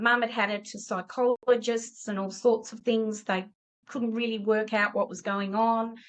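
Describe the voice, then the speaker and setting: This middle-aged tutor, who also runs an education business, appears as an interview guest and animatedly acts out the voices of the characters in her story. Her voice sits on the high side, and the audio is poor.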